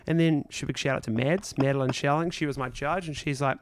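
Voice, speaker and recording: A man's voice: mid-range voice, fairly even intonation, a little fast, clear, resonant tone, dry recording, clean studio sound. A man co-hosting a podcast, telling stories in a rambling, self-deprecating casual chat. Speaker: podcast co-host.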